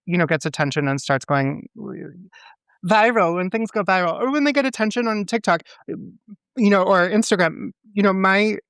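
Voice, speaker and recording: A man's voice: high-pitched, moderate pace, a bit bright, clean tone, no room sound. A man co-hosting a podcast in casual chat, ranting bluntly and swearing often. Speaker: podcast co-host; teacher.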